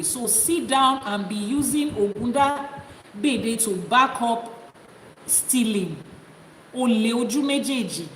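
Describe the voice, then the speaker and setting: A woman's voice: a little high, moderate pace. A Nigerian woman with a Yoruba accent, an Ifa priestess and teacher giving a live-streamed teaching and answering viewers' comments. She talks in a forthright, scolding way and switches between English and Yoruba. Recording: roomy echo with long reverb, faint noise.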